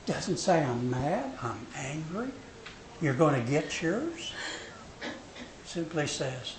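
A man preaching a sermon, dramatic, swinging from loud to hushed when he voices God's words. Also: on the high side, big pitch swings, takes it slowly, long pauses. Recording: echoey hall with faint noise.

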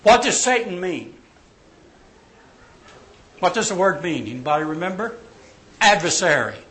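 A man teaching a Bible class, acting out quoted lines loudly and dropping to a soft voice to pray. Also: sits high, very animated, a little slow, rough recording. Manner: dramatic, acts out quotes loudly then drops soft for prayer.

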